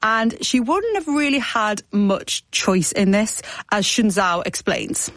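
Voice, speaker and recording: A woman presenter narrating a scripted radio documentary in a clear, explanatory way. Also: mid-range voice, expressive, takes it slowly, fairly bright tone, dry recording.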